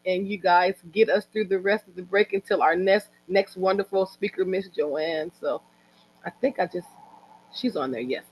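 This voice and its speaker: A woman hosting an online event, giving a halting, heartfelt personal speech over a video call. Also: mid-range voice, husky, muffled recording. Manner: halting, heartfelt, with many restarts. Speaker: event organizer and host. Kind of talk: emotional personal speech on a livestream.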